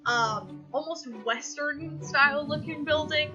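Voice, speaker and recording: A woman's voice: sits high, measured pace, highs cut off. A woman narrating a tabletop game as game master, rambling loosely with lots of fillers and restarts. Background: music.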